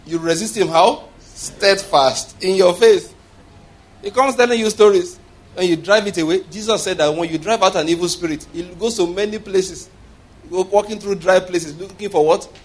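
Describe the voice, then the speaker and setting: A man's voice: high voice, brisk. A man preaching a sermon with humor, often laughing and calling for responses from the congregation.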